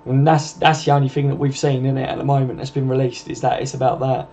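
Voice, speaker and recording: A man with a mid-range, warm voice speaks quickly but flatly as he hosts a casual live stream, reading comments and calling viewers mate. The home stream sounds dull and lo-fi, with faint noise.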